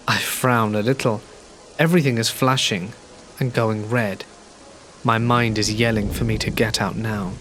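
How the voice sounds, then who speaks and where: Calm male horror narrator, soft rain. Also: fairly low pitch, moderate pace, slight background noise. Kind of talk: scripted narration. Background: gentle rain.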